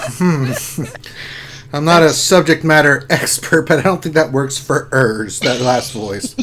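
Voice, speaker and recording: A man in relaxed livestream banter, joking with his co-host about a game. He teases, chuckles a lot, and talks in an easy, offhand way. A faint hiss sits under the voice. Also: on the high side, unhurried. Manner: teasing and playful, laughs often. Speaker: gaming stream co-host. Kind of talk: casual livestream chat.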